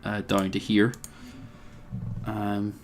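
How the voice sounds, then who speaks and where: A let's play host commentates his own strategy game, thinking aloud with plenty of hesitations and wry asides. His low voice is completely flat and very slow.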